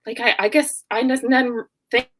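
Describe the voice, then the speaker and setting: A young woman tells stories in a relaxed interview, slightly high-pitched and lively. She plays out both sides of each conversation, and laughs often as she goes. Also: moderate pace. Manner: laughs often while talking. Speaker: guest, online business owner. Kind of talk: casual interview storytelling.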